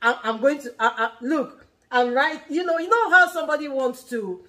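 High-voiced animated Nigerian woman. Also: moderate pace. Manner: animated, laughs often, repeats and restarts phrases. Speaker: family vlog host and mother. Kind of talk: casual teaching chat.

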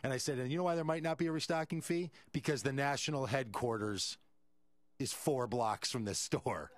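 A man's voice: medium pitch, moderate pace, no echo. A male radio host, telling a story animatedly and acting out the quoted voices.

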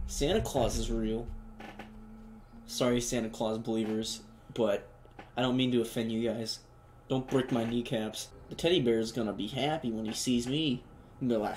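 A man's voice: mid-range voice, fairly even intonation, moderate pace, darkish tone, slight background noise. Joking, slangy young man gaming. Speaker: gamer. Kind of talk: let's play commentary.

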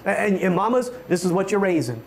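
High-voiced man preaching fervently. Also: big pitch swings, fast. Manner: fervent preaching with frequent stammered restarts, rising to shouts. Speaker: pastor. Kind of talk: sermon.

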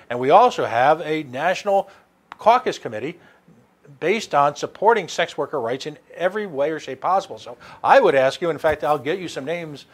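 A man hosting a radio talk show, speaking animatedly with many restarts and sarcastic asides. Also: on the high side. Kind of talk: casual political talk.

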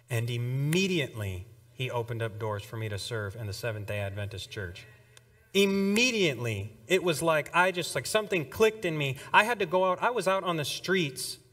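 A young man preaching a sermon, telling his conversion story with shifts between hushed and excited delivery. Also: mid-range voice, in a large hall. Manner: emotional storytelling, swings between soft and excited. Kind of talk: testimony sermon. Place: church hall.

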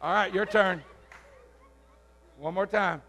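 High, bright-voiced preacher. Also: male voice, slow pace. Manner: loud, coaxing, teasing. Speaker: youth camp preacher. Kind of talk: lively youth service sermon with audience games. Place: church camp service.

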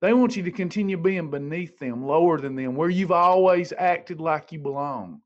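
A man's voice: a little high, moderate pace, highs cut off. A man giving a motivational livestream talk, preachy and emphatic, hammering home points by repeating his phrases. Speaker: motivational speaker.

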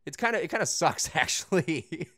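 A young man hosting a gaming channel, giving goofy, excitable let's-play commentary, yelling and laughing at the game. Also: on the high side, normal speed. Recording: game music loud behind the voice. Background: video game music and vehicle sounds.

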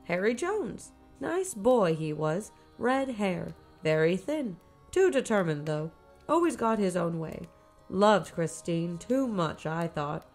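A woman doing a crazed old woman from a spooky audio story, her voice a touch low, rambling and brooding about life and death. Her pace drifts, dragging on some phrases and rushing others. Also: very animated, darkish tone, faint music behind, full character voice. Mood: eerie. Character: crazed old woman living in a derelict house.

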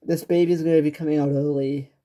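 A woman's voice: low voice, fairly even intonation, fast, mellow, close to an everyday voice. A woman voicing a matter-of-fact hospital doctor who explains things in a businesslike, slightly hesitant way in a toy-figure home drama. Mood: explaining.

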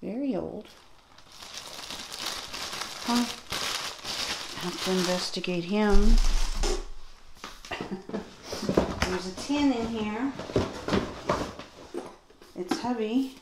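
Woman vlogger, unhurried, thinks aloud over each item; echoey room, audible background noise. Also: medium pitch. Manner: slow, musing, talks to herself, gasps with delight at finds. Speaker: vlogger unboxing toys. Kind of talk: casual unboxing commentary.

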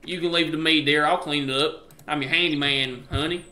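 A man's voice: fairly high pitch, fairly even intonation, brisk, sharp tone, echoey room, a little hiss or hum. A man doing a sweet drawling Southern husband. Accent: Southern American. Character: doting Southern husband calling for his wife. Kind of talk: voicing game dialogue.

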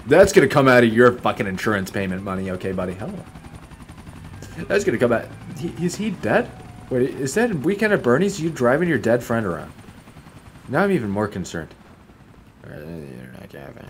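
A man's voice: mid-range voice, very animated, normal speed, long pauses, a little hiss or hum. A young man giving casual, profane, joking commentary while he plays a video game. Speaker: gameplay streamer.

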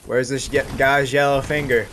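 A man giving casual, excitable commentary while playing a video game, yelping and talking back to enemies. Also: mid-range voice, moderate pace, slight background noise. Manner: excitable, yelps and talks to enemies. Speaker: gaming channel host.

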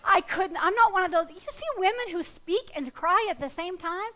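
A woman pastor with a high, bright-toned voice preaches from the pulpit. She tells her stories in a lively way and pokes fun at herself, then moves on to a passage of scripture. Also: moderate pace, hardly any pauses. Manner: lively storytelling, self-deprecating humor. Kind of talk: sermon with personal stories. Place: church sanctuary.

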